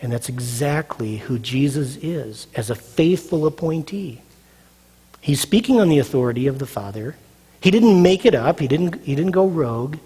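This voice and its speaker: A man's voice: on the high side, lively intonation, moderate pace, mellow, slightly rough. A male pastor preaching a sermon, emphatic and repetitive, asking the audience questions and answering them himself. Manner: emphatic, repeats phrases, asks the audience questions. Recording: long hall reverb.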